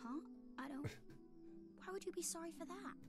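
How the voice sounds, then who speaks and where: A woman's voice: very high voice, moderate pace, over music. A woman voicing a timid young boy in a video game who keeps asking confused questions. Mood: puzzled.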